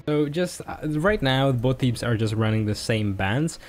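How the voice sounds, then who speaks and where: A man's voice: mid-range voice, animated, moderate pace, darkish tone. A man casting an esports match, breaking down picks and teasing his co-caster.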